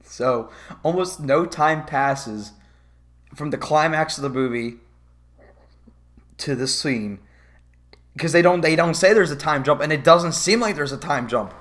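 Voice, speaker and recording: A man's voice: fairly high pitch, animated, unhurried, pauses often, a bit bright. Sarcastic, foul-mouthed male movie ranter. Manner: sarcastic, profane, exasperated. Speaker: movie reviewer. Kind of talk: profane movie commentary rant.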